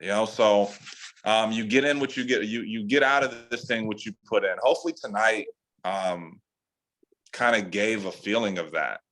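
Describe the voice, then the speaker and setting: On a lo-fi recording, a California man leading a sales team's training call gives a relaxed pep talk at a moderate pace. His speech is loose, profane and packed with slangy filler. He's animated, and his pitch shoots up whenever he presses a point.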